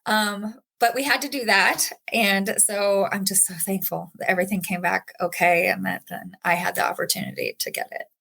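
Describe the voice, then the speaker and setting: A woman's voice: medium pitch, big pitch swings, normal speed, vocal fry, few pauses, pushed and bright. A woman guest on a podcast interview, telling her own story in an earnest, emotional way with frequent fillers. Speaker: patient guest.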